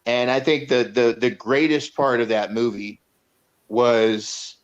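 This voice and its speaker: A man's voice: mid-range voice, steady tone, slow, clear, resonant tone. A man co-hosting a casual movie review, retelling scenes in a rambling way with many fillers and restarts. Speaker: podcast co-host reviewing a movie. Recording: dull lo-fi sound.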